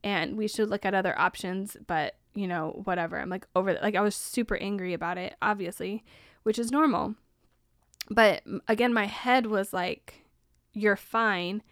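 A young woman hosts a podcast, telling a personal story candidly and casually with lots of "like." Her mid-range voice moves at a normal speed, recorded dry with clean studio sound.

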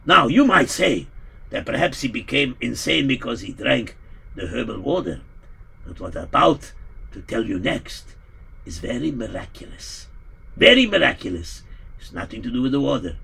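A man telling a story live, animated and emphatic, stumbling over words at times. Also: mid-range voice, gravelly, slightly rough. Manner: animated, emphatic, halting restarts.

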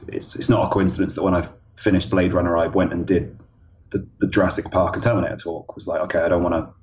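A man talking as a guest on a podcast, thoughtful and halting, with many restarts and fillers. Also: sits low, darkish tone, muffled recording. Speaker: guest film designer. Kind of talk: casual podcast conversation.

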